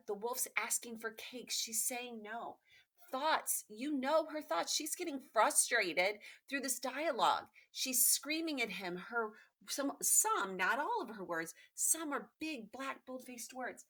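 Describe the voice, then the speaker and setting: Woman teacher, recorded lesson for kids, bright, emphatic, repeats key points. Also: on the high side, expressive, takes it slowly. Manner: emphatic, repetitive, encouraging. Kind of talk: recorded remote lesson for pupils.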